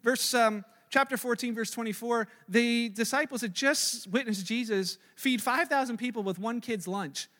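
Man, pastor, preaching sermon, high-pitched, animated, acts out quoted voices, church hall reverb. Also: moderate pace, few pauses. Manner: animated, acts out quoted voices, repeats words when pressing a point. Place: church sanctuary. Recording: long reverb of a large hall.

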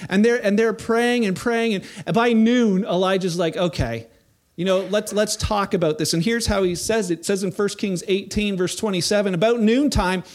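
A man giving a sermon as a pastor, animated, acting out the voices of people he quotes. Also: high-pitched.

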